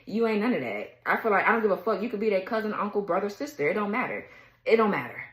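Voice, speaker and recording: A woman's voice: mid-range voice, very animated, fast talker. Blunt, cursing woman in an echoey room. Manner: blunt, profane, heated, laughs mid-rant. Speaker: tarot reader. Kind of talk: casual ranting tarot reading.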